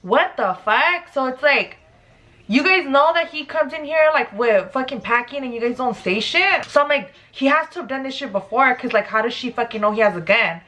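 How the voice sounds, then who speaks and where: Animated, profane young woman. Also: high-pitched, a little fast. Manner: animated, profane, lots of "like" fillers. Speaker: beauty vlogger. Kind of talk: casual storytime while doing makeup.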